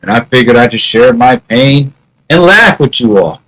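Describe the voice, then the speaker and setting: A man's voice: mid-range voice, lively intonation, normal speed, a bit bright, poor audio. A man musing in a casual vlog monologue, wry and half-joking. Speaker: vlogger.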